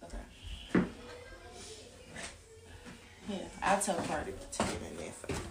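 A woman's voice: lowish voice, wildly swooping pitch, a little slow, gravelly, heavy background noise. A woman giving a casual, profane, blunt rant to her viewers. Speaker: vlogger. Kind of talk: casual ranting livestream.

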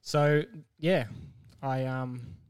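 A man co-hosting a casual podcast, telling a story with lively acted-out quotes and frequent laughter. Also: mid-range voice, very slow. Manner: animated storyteller, acts out quotes, laughs often. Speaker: podcast co-host.

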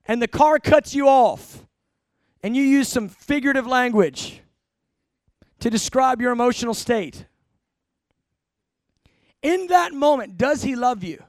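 A man preaching a sermon, emphatic, slowing down to stress phrases, then rushing through asides, asking the congregation questions. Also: very high-pitched, dry recording, clean studio sound. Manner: emphatic, shifting between slow stressed phrases and rapid asides.

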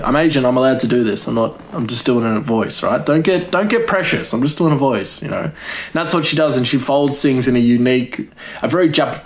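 A man's voice: mid-range voice, a little fast. A man rambles through a comedic monologue in a loose, chatty way. He piles on fillers and breaks into laughter at his own jokes. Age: adult.

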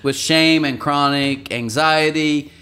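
A man's voice: on the high side, steady tone, slow pace, crowd noise. A man hosting a podcast in casual chat, laughing easily and turning earnest for a devotional. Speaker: podcast host.

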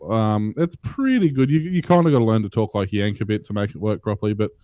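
A man co-hosting a casual tech podcast, relaxed and hesitant, with many ums. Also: on the low side, quick pace, dry recording, lo-fi sound. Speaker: podcast co-host.

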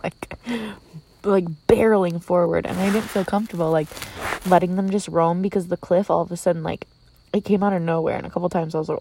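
A young woman from Minnesota chats to her camera from inside a tent, rambling through a story with plenty of "like" and "um" and frequent giggles. Her voice has a gravelly, husky edge, and the sound is close and dry. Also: lowish voice, a little mellow, dry recording. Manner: chatty, giggly, lots of "like" and "um". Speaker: vlogger. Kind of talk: casual storytelling vlog. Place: inside a tent outdoors at night. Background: crickets.

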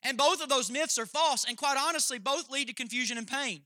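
A man's voice: extremely high pitch, a little fast, pushed and bright, dry recording, clean studio sound. A man preaching a sermon as pastor, emphatic and jokey, speaking straight to his congregation.

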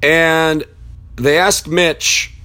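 A man's voice: fairly high pitch, steady tone, extremely slow, pushed and bright. A man giving a profane political rant, blunt and heated, who rambles as he searches online at his computer. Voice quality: blunt and heated, swears freely. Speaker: political commentator.

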